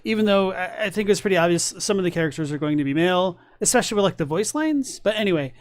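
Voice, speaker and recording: A man's voice: sits high, animated, quick pace, no echo. A man chatting loosely as a streamer reacting to lore videos, rambling with many fillers and asides. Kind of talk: casual reaction commentary.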